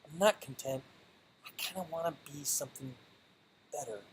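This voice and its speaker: A man in a motivational vlog, speaking earnestly and often repeating or restarting words. His voice sits a little higher than most men's. A faint hiss of noise sits under the recording. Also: moderate pace, poor audio. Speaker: vlogger. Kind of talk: motivational monologue.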